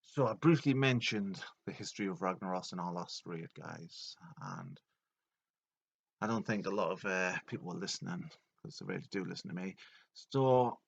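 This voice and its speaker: A man retelling video game lore as a comedy, rambling and deadpan with many fillers. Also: low voice, vocal fry, muffled recording.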